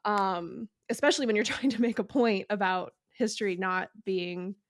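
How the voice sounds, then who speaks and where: A woman hosting a podcast in a loose, conversational way, her speech full of "like" and "um". Her voice sits at an ordinary middle pitch, and the recording is dry and close with almost no room sound. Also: normal speed, no echo. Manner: chatty, fills speech with "like" and "um". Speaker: podcast host.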